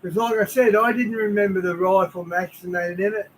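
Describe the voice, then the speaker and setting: High-voiced man making chatty remarks. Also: steady tone, brisk, slight background noise.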